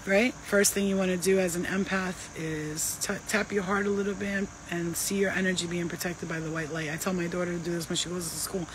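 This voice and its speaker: A woman's voice: fairly low pitch, a little fast, few pauses, noisy background. A woman who works as a spiritual healer gives casual, emphatic advice full of slang and swearing. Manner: emphatic, profane, slangy and animated.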